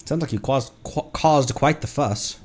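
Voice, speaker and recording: A man's voice: mid-range voice, measured pace, a little mellow, faint music behind. A man streaming a game, chatting casually and correcting himself as he goes. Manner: chatty, rambling, self-correcting, laughs easily. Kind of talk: casual gameplay chat.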